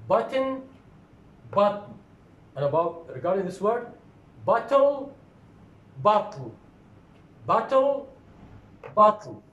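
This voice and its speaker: A man giving a recorded phonetics lecture, slow and deliberate, repeating example words to model their pronunciation. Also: high-pitched, rough recording.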